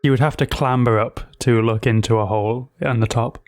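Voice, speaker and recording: A man's voice: mid-range voice, steady tone, a little fast, no echo. Brief: a man as game master for a tabletop game, dry close recording.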